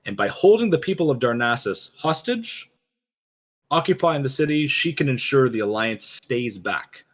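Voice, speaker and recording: A man's voice: medium pitch, very animated, normal speed. A man co-hosting a podcast, talking casually about a game cinematic in a rambling way with frequent restarts and fillers. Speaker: podcast co-host.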